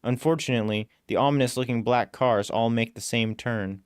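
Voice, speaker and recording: A man narrating a first-person story aloud in a steady, matter-of-fact way. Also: medium pitch, fairly quick, hardly any pauses, clean tone, dry recording, clean studio sound. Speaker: story reader.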